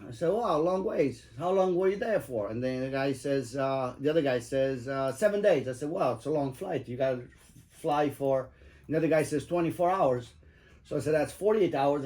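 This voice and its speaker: Profane, rambling cab driver storyteller. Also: male voice, a little high, moderate pace, darkish tone. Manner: profane, emphatic, rambling with many fillers. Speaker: cab driver telling stories. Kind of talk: casual storytelling chat.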